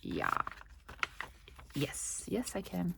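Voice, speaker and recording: Dutch lady chatting while she crafts, mid pitch, muttering to herself between bits. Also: lively intonation, measured pace, very noisy. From Netherlands. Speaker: crafting channel host. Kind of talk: casual craft-along chat.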